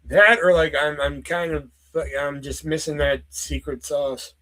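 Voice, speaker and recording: Young male vlogger, higher-pitched, unhurried, casual and foul-mouthed. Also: steady tone, bright, forceful tone. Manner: rambling, profane, full of fillers. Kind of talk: casual storytelling.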